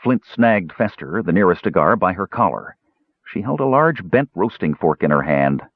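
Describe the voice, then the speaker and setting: A man reading a fantasy audiobook with expressive storytelling, in a slightly dull recording. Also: deep voice, moderate pace, no echo. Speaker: audiobook narrator. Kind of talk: scripted audiobook narration.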